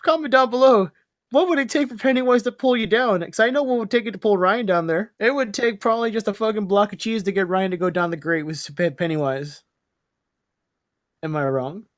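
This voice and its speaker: A man's voice: high-pitched, fairly quick, dry recording, clean studio sound. A young man hosting a podcast in casual chat, rambling, swearing freely and stumbling over his words. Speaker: podcast host.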